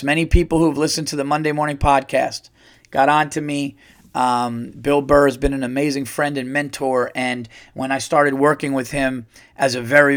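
A middle-aged man hosting a podcast, telling a comedic story in a profane, animated rant and acting out the quotes. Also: medium pitch. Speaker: podcast host. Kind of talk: ranting comedic monologue.

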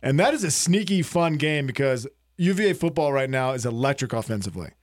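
A man's voice: medium pitch, animated. A man hosting a casual sports talk radio show, joking and laughing with his co-hosts. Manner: jokey, laughs often, quick banter.

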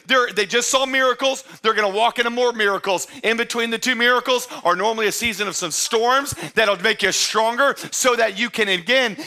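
A man pastor preaching a lively, conversational sermon that swings from loud shouted bursts to quiet asides, recorded in a church. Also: high-pitched.

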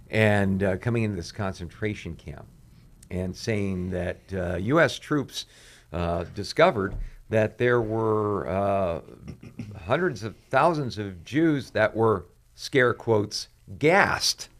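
Low-voiced pastor full of "uh" fillers. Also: male voice. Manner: frequent "uh" fillers, reads quotes aloud with rising intensity. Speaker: pastor and radio show host. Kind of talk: commentary on current events.

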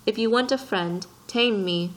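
A woman voicing a wise, patient male fox in a storybook, reading in a gentle, earnest way. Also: medium pitch, a little slow, lightly acted, rough recording.

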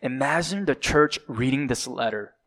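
A man's voice: mid-range voice, normal speed, a bit bright. A man preaching a sermon, building dramatic emphasis and sometimes dropping to a whisper, with occasional fillers and self-corrections.

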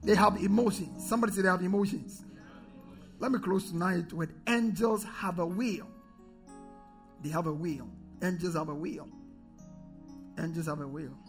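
High-voiced gravelly preacher. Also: male voice, a bit bright. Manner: emphatic, repeats key phrases, calls for congregation responses. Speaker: pastor. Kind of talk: sermon.

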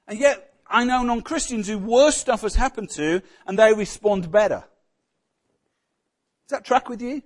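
High-voiced preacher, conversational. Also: male voice. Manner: conversational, quizzes the congregation. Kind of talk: sermon.

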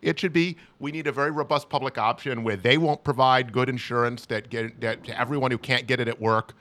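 A man's voice: medium pitch, steady tone, fairly quick, bright, forceful tone. A man co-hosting a political talk show, explaining the news earnestly with frequent restarts. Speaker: co-host.

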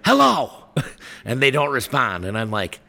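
A man's voice: fairly low pitch, normal speed. A man co-hosting a podcast in a tavern, telling a story in casual chat and laughing often as he goes. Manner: animated, laughs often through his story. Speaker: podcast co-host. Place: tavern where the podcast is recorded.

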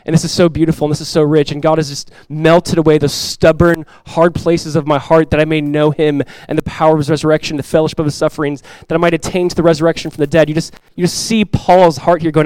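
A man in his thirties, a pastor preaching a sermon in an earnest, animated way. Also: a little high, quick pace, hardly any pauses, clean tone, no echo, rough recording.

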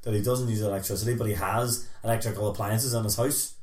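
Sweary guy rambling on a podcast, lowish voice, echoey room. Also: steady tone, fast, a little mellow. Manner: swearing, rambling, laughs often. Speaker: podcast host. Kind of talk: casual chat.

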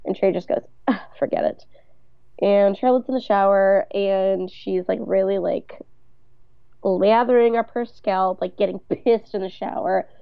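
A woman's voice: mid-range voice, steady tone, unhurried, vocal fry, clean tone, no echo. A woman co-hosting a casual podcast, recapping a TV episode with dry, wry remarks and read-out quotes. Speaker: podcast co-host. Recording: dry, slightly dull mic sound.

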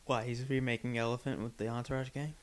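A man trading deadpan comebacks on a comedy podcast. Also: medium pitch, fast talker. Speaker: podcast co-host. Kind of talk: comedic banter.

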